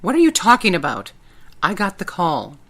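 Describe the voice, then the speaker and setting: A fierce forty-year-old mom turned secret agent, read by a woman, demanding and quick to anger. Her voice sits low for a woman. She speaks from an audiobook. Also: lively intonation. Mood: angry. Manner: demanding, angry outbursts.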